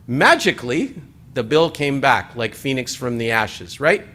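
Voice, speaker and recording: Animated male conference speaker. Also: on the high side, a little slow. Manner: animated, conversational, joking asides. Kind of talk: presentation to an assembly.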